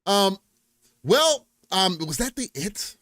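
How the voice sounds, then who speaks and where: A man's voice: high-pitched, big pitch swings, takes it slowly, sharp tone, no room sound. A man co-hosting a gaming podcast in casual chat, joking and reading chat messages aloud in a laid-back way. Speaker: podcast co-host.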